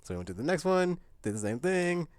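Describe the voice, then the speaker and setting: A man's voice: a little high, sing-song, fairly quick, background noise. A man casually recapping a game session, rambling and jokey, loose with filler words. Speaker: player.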